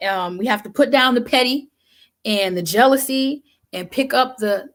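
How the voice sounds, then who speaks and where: A woman's voice: fairly high pitch, moderate pace, fairly bright tone. A woman guest talking in an impassioned, emphatic, colloquial way, like a preacher. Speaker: guest speaker. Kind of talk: impassioned conversation.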